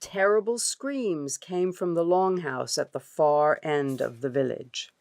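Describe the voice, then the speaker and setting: A woman's voice: deep voice, no room sound. A woman author reading her children's story aloud expressively in a studio. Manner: expressive, unhurried.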